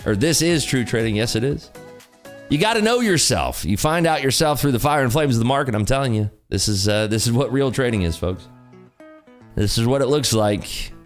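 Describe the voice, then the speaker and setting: A man's voice: medium pitch, lively intonation, moderate pace, faint music behind. A tired man hosting a day-trading livestream, joking and reading chat aloud in casual talk.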